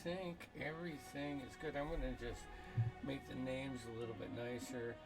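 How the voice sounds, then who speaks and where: A man chatting casually as a player before a tabletop game, in relaxed, rambling banter. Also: mid-range voice, normal speed, creaky, soft background music. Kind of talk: casual chat.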